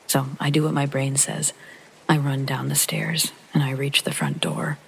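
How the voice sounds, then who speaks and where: A man hosting and narrating a true horror story in a hushed, half-whispered way, with a gravelly, husky and breathy voice. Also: on the high side, a little hiss or hum, low-quality recording. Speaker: host and narrator.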